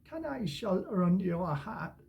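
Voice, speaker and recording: A man voicing a cold, wet dog in a children's story, pleading softly in a raised voice. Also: sits high, very animated, normal speed, vocal fry, slight background noise, full character voice. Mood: begging. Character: shivering, begging storybook dog.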